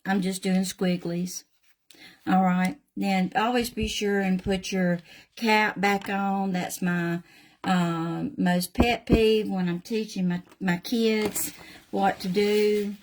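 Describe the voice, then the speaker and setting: A woman's voice: mid-range voice, fairly even intonation, slow pace, a little hiss or hum. An older woman with a Southern US accent, casually chatting through a painting demonstration in a folksy way and addressing viewers by name. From Southern United States. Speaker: craft channel host.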